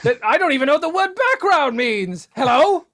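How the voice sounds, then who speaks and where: A man playing a confused man from 17th-century England, shouting in alarm at modern gadgets. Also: very high voice, sing-song, normal speed, pitched above the performer's own voice, exaggerated voice. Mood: panicked.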